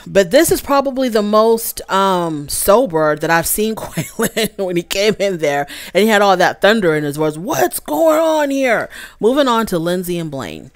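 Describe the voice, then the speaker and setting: A woman's voice: lowish voice, animated, moderate pace, hardly any pauses, no echo, clean studio sound. Chatty woman recapping reality TV. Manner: chatty, addresses viewers as y'all, acts out quotes. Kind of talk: casual recap commentary.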